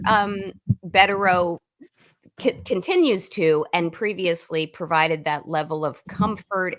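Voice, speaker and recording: A woman's voice: on the low side, a bit bright. Woman lawyer chatting on a stream call. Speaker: guest lawyer. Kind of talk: casual chat on a live stream.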